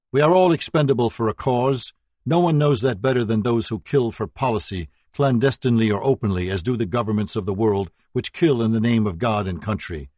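A man voicing a defiant convicted killer reading an angry statement to a court in a booming voice. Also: darkish tone, no echo.

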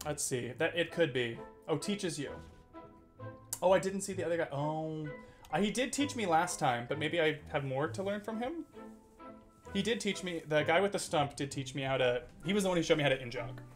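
A man's voice: on the high side, lively intonation, fairly quick, soft background music. A man streaming a video game, chatting casually, reading game text aloud, laughing and swearing now and then. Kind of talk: casual gameplay commentary.

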